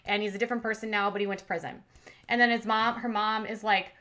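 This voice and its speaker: A woman's voice: mid-range voice, fairly even intonation, quick pace, bright, forceful tone. A woman hosting a commentary channel, recapping reality TV in a chatty, sarcastic way with lots of fillers.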